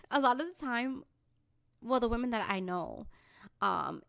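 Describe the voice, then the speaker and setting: A woman's voice: medium pitch, a bit bright, clean tone, dry recording, studio quality. A young woman co-hosting a podcast in casual chat, sassy and emphatic, often laughing and swearing. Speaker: podcast co-host.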